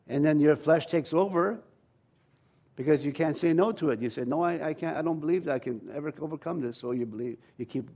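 A man's voice: on the high side, a little mellow. Man preaching a faith sermon. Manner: conversational preaching, acts out quoted voices, repeats words. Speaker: pastor.

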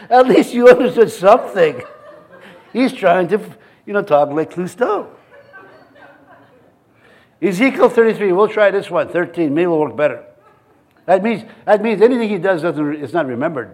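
A man's voice: high-pitched, a little mellow, husky. A man preaching a sermon in a church, mixing scripture readings with joking, chuckling asides. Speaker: pastor.

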